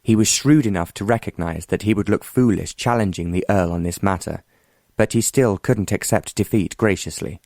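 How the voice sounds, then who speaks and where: A male audiobook narrator telling a period romance in an even, measured manner. His voice is low-pitched, and the recording is dry and close with no room sound. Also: no room sound.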